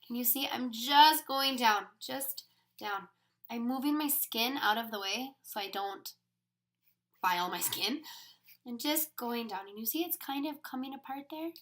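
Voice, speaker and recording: Unhurried and a bit bright, with a fairly high-pitched voice, a woman chats cheerfully through a nail-wrap demonstration. She talks through her steps aloud as she goes.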